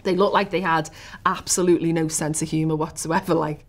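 Liverpool woman, lowish voice, animated storyteller who drops to a whisper for suspense. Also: fairly quick. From Liverpool, England. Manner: animated storyteller, rising to hushed whispers at tense moments. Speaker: interviewee. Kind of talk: recounting a personal story.

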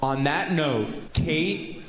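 A man hosts a live dating show, putting questions to contestants in a lively, swooping voice. He takes his time over each word, and the stage echoes with faint noise behind. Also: a little high, extremely slow, crowd noise.

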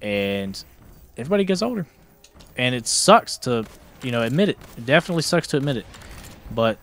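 A young man giving casual, rambling commentary while playing a zombie shooter, breaking into sudden excited outbursts, talking into a headset at home. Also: mid-range voice, brisk. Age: young adult. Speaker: gaming YouTuber. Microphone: gaming headset.

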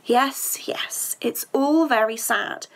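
A woman reading aloud and voicing a stern, anxious older female witch professor in a storybook reading, brisk and urgent. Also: extremely high pitch, sing-song, pitched above the performer's own voice, exaggerated voice, rough recording.

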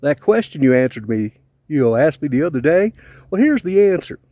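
A man voicing God as a casual Southern speaker, folksy and relaxed, with a Southern US accent. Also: on the high side, a little fast, dry recording.

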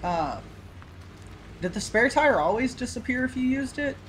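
A man's voice: extremely high pitch, expressive, normal speed, low-quality recording. A man giving casual, rambling gameplay commentary as a gaming YouTuber, easygoing and full of filler. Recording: loud game engine noise behind. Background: truck engine and game sounds.

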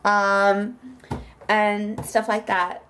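A woman's voice: mid-range voice, completely flat delivery, extremely slow, a bit bright. A young woman chatting casually through her daily vlog, rambling along with lots of "so yeah" and "um". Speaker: vlogger.

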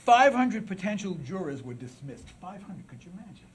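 A man giving a public lecture at a symposium, with dramatic swings from loud declaiming to a near-whisper, and asides to the audience. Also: high-pitched, big pitch swings, brisk, slightly rough. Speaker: symposium speaker.

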